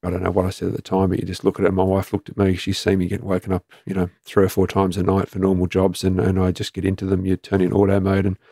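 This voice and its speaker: A middle-aged Australian man, a former police commander, telling his story in an interview in a plain, matter-of-fact way with halting restarts. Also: low-pitched, completely flat delivery, gravelly, dark tone, no echo, studio quality.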